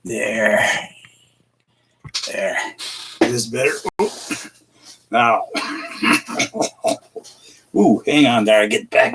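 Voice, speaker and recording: A husky-voiced middle-aged man greets his live-stream viewers one by one. His pitch rises and falls a lot as he chuckles through the chat, halting over fillers and adding "eh" at the ends of his sentences. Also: lively intonation, fairly bright tone. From Canada. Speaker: livestream host.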